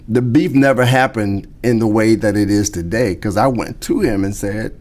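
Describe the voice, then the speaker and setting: Middle-aged male comedian, lowish voice, lively storyteller who does the voices. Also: moderate pace, hardly any pauses. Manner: acts out quoted voices, shifting pitch. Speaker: comedian guest. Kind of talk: animated storytelling.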